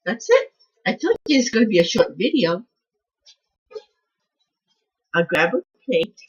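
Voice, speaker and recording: Female cooking host, soft-spoken and husky, lively up-and-down pitch, rambling home-kitchen chat. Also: a little fast, dull audio. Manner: rambling, chatty, trails off with "I don't know". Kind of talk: casual cooking vlog.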